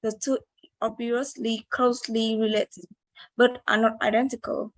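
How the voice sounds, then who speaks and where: This student presenter from Vietnam speaks on the high side, with a level tone and a slightly slow delivery. She reads her class talk on word stress carefully, hesitating and restarting at points. The audio is dry and poor in quality.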